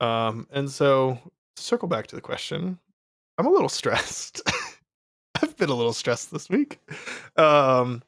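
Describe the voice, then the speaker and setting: A man's voice: mid-range voice, big pitch swings, a little slow, a bit bright, dry recording, studio quality. A young man in casual livestream chat, rambling with many fillers and frequent laughs. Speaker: streamer selling his course.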